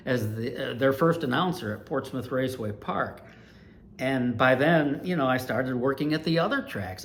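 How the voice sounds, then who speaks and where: A man in his sixties from Ohio, an animated storyteller recalling his years as a race announcer. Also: medium pitch, a little hiss or hum. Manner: animated, lively storyteller with big swings in loudness. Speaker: retired dirt track race announcer, channel host.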